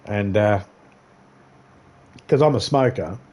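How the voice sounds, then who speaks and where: A man's voice: on the low side, slow, a little mellow. Profane rambling man telling a story. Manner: profane, rambling, laughs often. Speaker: livestream gamer. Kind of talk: casual storytelling.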